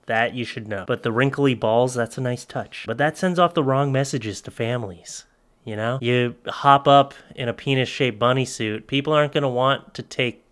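A man doing comedic commentary on photos for his channel, sarcastic and heavily profane, with loud, animated jabs. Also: mid-range voice, moderate pace. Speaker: comedy YouTuber.

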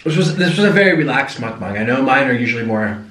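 A man's voice: medium pitch, animated, fast, reverberant, distant mic, noisy background. A young man from the United States, chatting casually and rambling animatedly while eating on camera. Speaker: vlogger. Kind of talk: casual mukbang chat.

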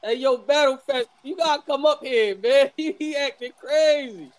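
A man's voice: very high voice, moderate pace. A man hosting a livestream, chatting easily after fixing his connection. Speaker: host. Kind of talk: casual livestream chat.

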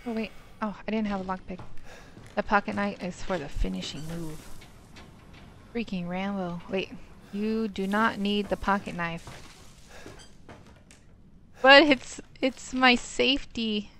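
A woman's voice: mid-range voice, a little slow, pauses often, fairly bright tone, slight background noise. A young woman commenting on a horror game as she plays, swearing freely and shrieking when startled. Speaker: let's play gamer. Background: game music.

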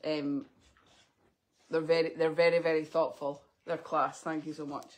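A woman in her thirties, teary and soft-spoken as she chats through opening parcels live. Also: deep voice, level tone, moderate pace. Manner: tearful, soft-spoken, sniffly. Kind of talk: emotional live unboxing chat.

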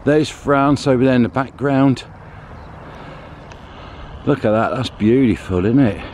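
A man's voice: mid-range voice, unhurried, a little mellow, a little hiss or hum. A man vlogging casually as he walks and climbs outdoors, chatty and joking about being out of breath. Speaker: family vlogger. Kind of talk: casual vlog narration while walking. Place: outdoors in a town and on clifftops.

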